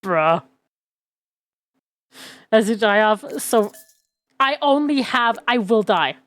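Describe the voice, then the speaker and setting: A woman's voice: on the high side, animated, slow, a bit bright, no room sound. A woman streamer chatting casually and sarcastically while playing a dating game.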